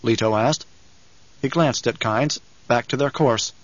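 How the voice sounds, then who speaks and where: A man narrating an audiobook in a measured, even manner. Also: mid-range voice, no room sound, lo-fi sound. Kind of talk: scripted narration.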